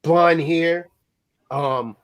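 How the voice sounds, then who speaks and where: A man's voice: on the high side, drawn-out words. A man hosting a casual chat, telling stories in an emphatic, blunt way with plenty of swearing. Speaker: host.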